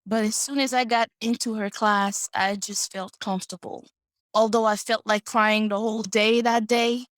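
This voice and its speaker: A woman in her late twenties telling personal stories as a podcast guest, soft-spoken, reflective and earnest. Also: medium pitch, no room sound. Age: 20s. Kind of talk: personal storytelling.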